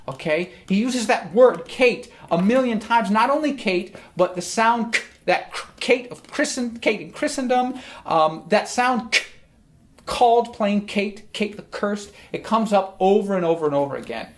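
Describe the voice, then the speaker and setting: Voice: medium pitch, expressive, moderate pace. A teacher explaining a text in a recorded lesson, friendly, often checking in with "okay?". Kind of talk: recorded lesson on Shakespeare's language.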